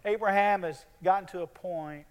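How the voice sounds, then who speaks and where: A man preaching a sermon in an earnest tone, his voice dropping soft at the ends of phrases. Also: high voice, normal speed, clean tone, in a large hall, dull audio.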